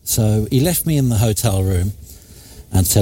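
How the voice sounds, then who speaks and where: A man hosting a live radio show, telling a jokey story in a chatty, animated way. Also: on the low side, normal speed, slightly rough. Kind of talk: casual radio chat. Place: radio studio.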